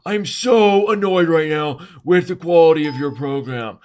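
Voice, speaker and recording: A man voicing a whiny, irritated male viewer who complains in a shrill, exaggerated way. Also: normal speed, darkish tone, natural voice. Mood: annoyed.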